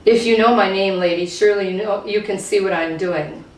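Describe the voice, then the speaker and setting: A woman's voice: mid-range voice, brisk, lightly acted. Woman reading as a young, stubborn priestess in a storybook reading; far mic, echoey room. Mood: defiant. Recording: roomy hall, voice from far off.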